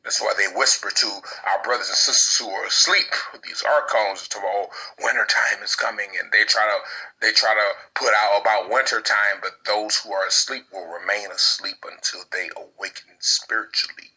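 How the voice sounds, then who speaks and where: A man's voice: on the low side, moderate pace, bright, forceful tone, husky, poor audio. A man giving impassioned spiritual preaching, repeating his phrases like incantations and dropping in crude slang.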